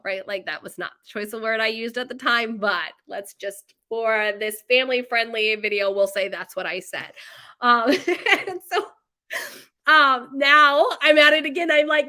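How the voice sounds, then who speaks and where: A young woman talking to camera in a loose, chatty way, tossing in "like" and "right?" as she goes. Her voice is bright, and she often laughs at her own stories. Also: a little high, moderate pace. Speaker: bakery co-owner vlogger. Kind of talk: casual chatty vlog.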